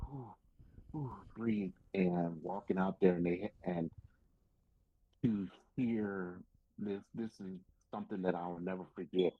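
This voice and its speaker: A man with a deep, husky voice tells his wrestling stories as a podcast guest. He acts out every quote and swears casually along the way. The sound is dry and close, but slightly dull and lo-fi. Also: dry recording. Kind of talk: casual storytelling interview.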